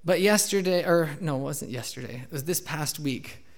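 A man's voice: a little high, moderate pace, gravelly. Storytelling man preaching a sermon. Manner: candid storytelling, acts out his own outbursts loudly. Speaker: pastor.

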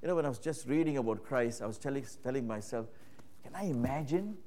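A man preaching a sermon, emphatic and repetitive, rising to loud exclamations and dropping to hushed passages, calling his listeners friends. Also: mid-range voice, fast. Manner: repeats phrases, addresses listeners as friends.

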